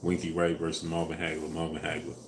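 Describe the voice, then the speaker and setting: Deep-voiced man hosting a casual live stream. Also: fast, slight background noise. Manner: relaxed, trails off with fillers, louder when pushing likes. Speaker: live stream host answering viewers. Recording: echoey room with faint ambience.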